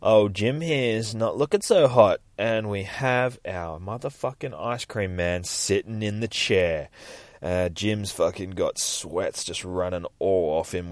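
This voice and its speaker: A man's voice: low-pitched, no room sound. A man, casually recapping a comic book on his podcast, swearing constantly and rambling. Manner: profane, rambling, acts out characters in shifting voices. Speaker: podcast host.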